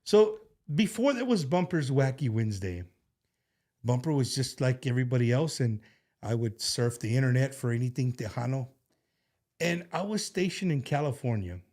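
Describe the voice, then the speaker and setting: A man hosts a casual show from a studio, with a voice sitting in an ordinary middle register. He rambles warmly and sincerely, circling back with fillers and false starts. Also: mid-range voice, expressive, moderate pace. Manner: rambling, heartfelt, with many restarts and fillers. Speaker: show host. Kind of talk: casual talk-show chat.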